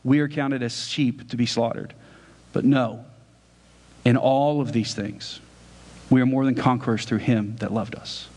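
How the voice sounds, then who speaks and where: A man's voice: mid-range voice, fairly even intonation, measured pace, a little mellow. A man preaching a sermon as a pastor, conversational, often checking in with his listeners. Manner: conversational preaching with frequent "right?" asides. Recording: church hall reverb.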